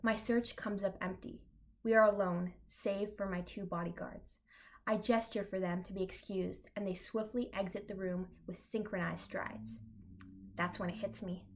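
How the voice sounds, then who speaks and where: A young woman reading her own comic fan fiction aloud, deadpan, breaking off with dry asides. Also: medium pitch, normal speed. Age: young adult.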